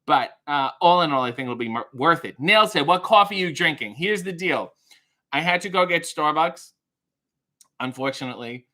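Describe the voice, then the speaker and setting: A man's voice: medium pitch, bright, forceful tone. A man hosting a casual livestream from a small hotel room, rambling and joking as he chats with viewers. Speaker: livestream host.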